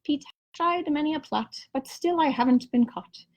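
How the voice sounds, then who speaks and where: A woman's voice: sits high, normal speed, a little mellow. A kindergarten teacher voicing a sly, playful male leprechaun in a picture book read-aloud, with teasing, sing-song rhymes.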